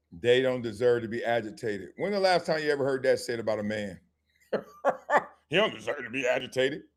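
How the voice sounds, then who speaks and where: A middle-aged man hosts a live sports talk stream with a high voice that swoops all over the place. He jokes, uses street slang and acts out scenes as he talks. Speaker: host.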